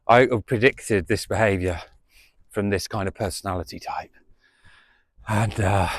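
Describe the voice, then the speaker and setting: A man's voice: mid-range voice, no room sound, clean studio sound. A man telling a story casually to camera, rambling and repeating himself with many fillers, outdoors in the wind on a small mic. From United Kingdom. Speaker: vlogger. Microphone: small camera mic without windscreen.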